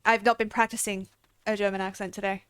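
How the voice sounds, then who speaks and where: A woman's voice: medium pitch, flat delivery, quick pace, fairly bright tone, smooth, no echo. A young woman streaming a game, chatting casually and rambling with frequent giggles. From Australia. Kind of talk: casual livestream chat.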